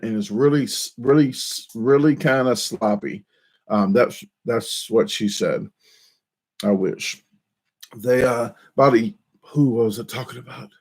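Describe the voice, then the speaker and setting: A man's voice: medium pitch, a little mellow. Rambling self-deprecating male vlogger. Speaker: YouTube channel host. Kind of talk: casual rambling chat. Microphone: desk microphone.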